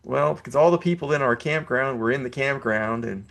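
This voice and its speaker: A man's voice: medium pitch, brisk, gravelly. A man of around sixty, a podcast guest, casually telling a story with frequent laughs, restarts and 'you know' fillers, acting out quoted lines. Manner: animated, laughs often, acts out quoted lines.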